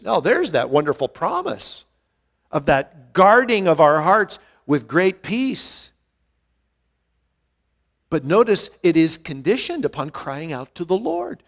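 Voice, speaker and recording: A man's voice: sits high, sing-song, unhurried, a bit bright, big-room sound. A male pastor teaching a verse-by-verse Bible study in an earnest way, often restarting words and stressing key phrases.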